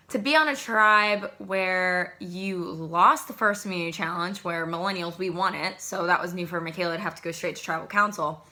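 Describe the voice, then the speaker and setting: A young adult woman casually recapping a reality show to camera in an excitable, chatty way. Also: on the low side. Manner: chatty, excitable, animated asides. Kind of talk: casual chat.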